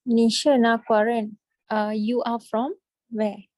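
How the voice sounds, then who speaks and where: Woman, student, slow hesitant speech, slightly high voice, dry close sound. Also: level tone, a little mellow, poor audio. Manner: hesitant, many fillers, sounds out words slowly. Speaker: language student. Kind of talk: halting lesson practice.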